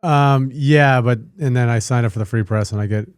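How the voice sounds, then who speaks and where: A man co-hosting a podcast, chiming in with brief, low-key remarks. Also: a little fast, clear, resonant tone, no echo, clean studio sound. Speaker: podcast producer and co-host. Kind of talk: casual podcast chat.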